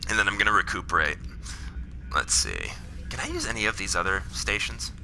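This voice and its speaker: A man rants at his audience in a slightly low but cutting, sharp-edged voice. He swears freely and talks to viewers directly while playing a game. Faint background noise sits under him. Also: sing-song, fairly quick, vocal fry. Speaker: political commentator. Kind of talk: ranting commentary while gaming.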